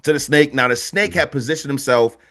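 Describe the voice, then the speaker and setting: A man in a casual podcast conversation, telling a folktale in animated, slangy speech and laughing as he goes. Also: mid-range voice, fairly quick. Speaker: guest storyteller on a history podcast. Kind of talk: casual storytelling.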